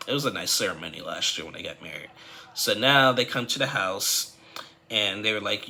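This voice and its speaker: A man's voice: fairly low pitch, brisk, vocal fry, sharp tone. A man chatting casually as he recaps a reality TV episode, rambling with many fillers and restarts and acting out the quotes. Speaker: TV recap vlogger.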